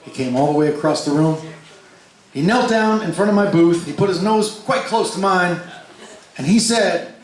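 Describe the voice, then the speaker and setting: A man telling a story live between songs, animated and swinging his pitch for the voices he quotes, swearing freely. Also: normal speed, background noise. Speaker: stage performer telling a story. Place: large concert hall before a live crowd. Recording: echoey live hall with crowd.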